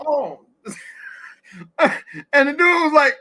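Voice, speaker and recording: A middle-aged man with a high, bright voice hosts a casual live audio discussion. He talks bluntly and curses freely, telling stories in a plain, direct way. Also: sing-song, measured pace. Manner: blunt, profane storytelling. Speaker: host.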